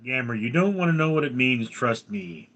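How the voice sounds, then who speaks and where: A man's voice: medium pitch, very animated, moderate pace, a bit bright. A man hosting a live stream, who reads viewer names from chat and teases them. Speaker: livestream host. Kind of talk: casual live chat reading.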